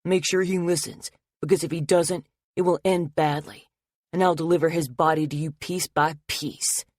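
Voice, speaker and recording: A man's voice: fairly high pitch, steady tone, normal speed, no room sound, studio quality, close to an everyday voice. A woman voicing a threatening hooded male attacker in an audiobook, cold and creepy as he makes his threats. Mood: menacing.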